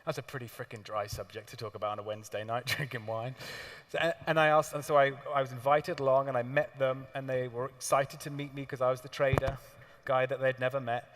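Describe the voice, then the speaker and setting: A man giving a live seminar talk to an audience, telling stories in an animated way with laughs and the odd swear word. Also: medium pitch, fast talker. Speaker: seminar speaker. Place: large hall with audience. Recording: long hall reverb.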